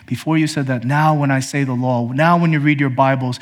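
With a steady tone, brisk pace and few pauses, a man preaches to his congregation, whom he calls brothers and sisters. This pastor is emphatic and direct, dropping from high pointed questions to quiet, low statements.

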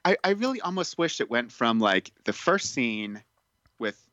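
A man's voice: medium pitch, sing-song, normal speed, bright, forceful tone, dry recording, lo-fi sound. A man co-hosting a casual podcast, talking about a movie in a chatty way, full of fillers. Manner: chatty, filler-heavy, reading from notes. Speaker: podcast co-host. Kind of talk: casual film review chat.

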